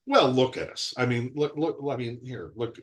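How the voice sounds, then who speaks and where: A man in his sixties, an actor being interviewed over a video call, telling stories in a rambling, animated way and laughing often. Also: medium pitch, normal speed.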